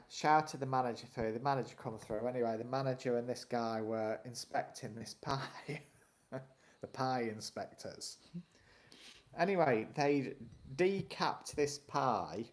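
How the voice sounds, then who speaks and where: A man talks in a casual, rambling storytelling way, chuckling as he goes. His voice sits at an everyday middle pitch, neither deep nor high. He keeps the chat easygoing and chatty. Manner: rambling anecdotes, chuckles often. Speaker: co-host of a live stream.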